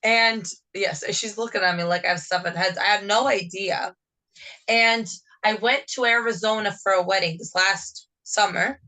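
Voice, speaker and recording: Bright-voiced chatty New Jersey woman. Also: medium pitch, steady tone, normal speed, rough recording. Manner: chatty, rambling, jumps between topics. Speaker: podcast co-host. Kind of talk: casual chat.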